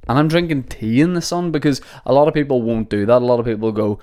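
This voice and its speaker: A man's voice: mid-range voice, steady tone, fairly quick, darkish tone, clean tone. A young man hosting a podcast, rambling and joking with plenty of swearing. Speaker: podcast host. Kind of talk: casual comedic monologue. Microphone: podcast microphone.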